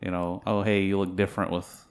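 Young man, lowish voice, relaxed, self-deprecating storyteller for casual chat. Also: brisk.

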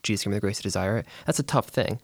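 A man in a casual faith conversation, speaking quickly and thoughtfully. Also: lowish voice, no room sound, clean studio sound.

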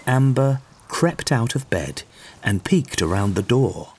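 A man reading a children's bedtime story aloud in an expressive, sing-song way. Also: medium pitch, slow, breathy edge. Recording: soft music underneath.

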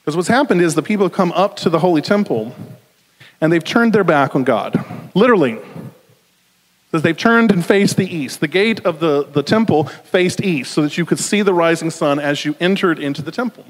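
A man with a Southern US accent preaching a conversational sermon with jokey asides, slowing down for emphasis. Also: on the high side, animated. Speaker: pastor. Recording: long hall reverb.

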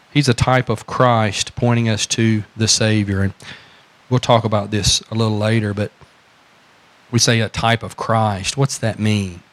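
A man with a Southern American accent preaching a sermon as pastor, repeating phrases and asking the congregation questions. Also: fairly low pitch.

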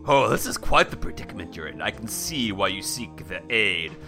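A man's voice: lively intonation, moderate pace, sharp tone, faint music behind. A man playing a theatrical stage wizard who makes grand, spooky proclamations. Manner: booming, showy proclamations.

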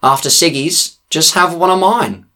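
A man's voice: a little high, measured pace, pushed and bright, voice pushed up. A man doing a nasal, laid-back stoner guy.

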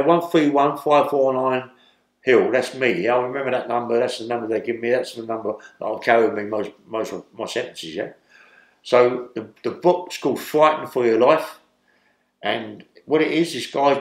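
Older london bloke rambling through a story in an interview, keeps saying yeah?, echoey room. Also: male voice, medium pitch. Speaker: interviewee, former criminal.

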